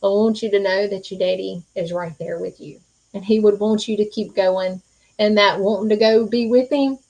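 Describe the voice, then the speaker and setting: A woman's voice: medium pitch, steady tone, moderate pace, rough recording. A woman hosting a live-stream psychic reading, earnest and reassuring, speaking folksy with many fillers. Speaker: psychic medium host.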